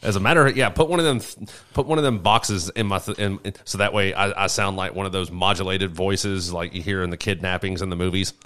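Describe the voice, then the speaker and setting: A man co-hosting a podcast, chatting casually in a dry, halting way and reading news items aloud. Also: low-pitched, steady tone, fairly bright tone. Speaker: podcast co-host.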